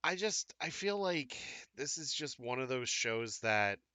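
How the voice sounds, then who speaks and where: Male co-host, bright forceful voice, dry close sound, casual rambling chat full of fillers and restarts. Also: medium pitch, sing-song, measured pace, no room sound. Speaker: podcast co-host. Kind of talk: casual live-stream chat.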